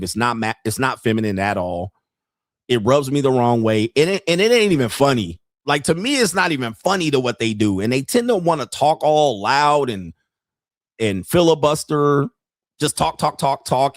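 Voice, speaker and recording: A man's voice: medium pitch, no room sound, studio quality. A man hosting a podcast, ranting bluntly and profanely about dating, with a mocking tone and frequent laughs. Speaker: podcast host and dating commentator. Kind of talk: casual podcast rant.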